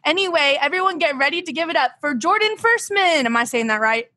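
High-voiced woman hosting a comedy bit. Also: animated, fast, pushed and bright, no echo. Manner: ditzy, scolding, breaks into laughs. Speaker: comedy podcast host. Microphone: remote call.

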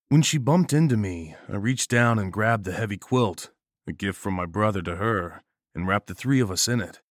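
A man narrates a horror story in steady first person, with a fairly low voice. The sound is dry and close, with no room around it. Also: no echo.

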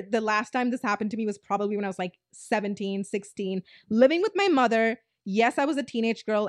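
A woman's voice: a little high, no echo, clean studio sound. A woman in her twenties hosting a podcast, telling a story in a blunt, casual way, swearing freely and saying "like" a lot. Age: 20s. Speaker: podcast host.

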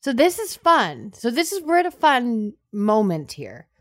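A woman co-hosting a podcast, chatting casually and excitably, with frequent laughter and theatrical interjections. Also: fairly high pitch, a little slow, dry recording, studio quality. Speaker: podcast co-host. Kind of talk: casual chat.

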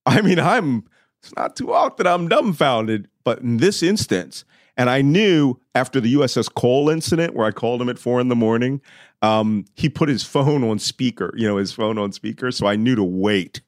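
A middle-aged man telling a vivid personal story, shouting when he acts out moments. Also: mid-range voice, normal speed, no room sound, clean studio sound. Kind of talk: animated storytelling.

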